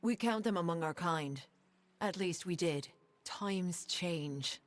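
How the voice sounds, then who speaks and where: A solemn immortal fae lady, game voice, formal, measured, slightly low. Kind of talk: game voice acting.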